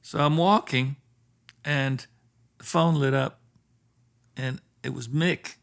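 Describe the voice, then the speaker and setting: Gravelly man telling a lively story. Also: medium pitch, slow pace. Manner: animated storyteller who acts out quoted dialogue. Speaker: guest, session and touring bassist. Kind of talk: casual storytelling in a podcast interview. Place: theatre space.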